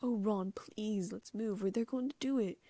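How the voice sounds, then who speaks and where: A woman's voice: mid-range voice, expressive, normal speed, mellow, breathy edge, no room sound. A woman voicing an anxious, clever teenage witch near tears in a storybook reading, breathless and whispering. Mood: frantic.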